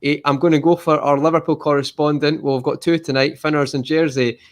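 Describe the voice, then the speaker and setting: A man hosting a casual football podcast, animated and emphatic, calling everyone mate. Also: fairly high pitch, a little fast. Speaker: podcast host.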